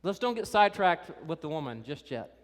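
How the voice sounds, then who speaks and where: A male pastor delivers a sermon in an animated, conversational way. His voice sits a little high, and he talks straight to the young people in the room. A long church reverb trails after his words. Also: fairly quick. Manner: animated, conversational, directly addressing kids and teenagers.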